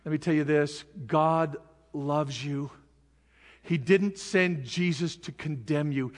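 A man preaching a sermon with passion, building up to shouted peaks. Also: fairly high pitch, fairly even intonation, slow, in a large hall.

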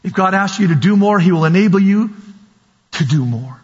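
Male preacher, high husky voice, slow emphatic delivery, long hall reverb, dull recording. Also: animated. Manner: slow, emphatic, repeating key words. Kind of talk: sermon.

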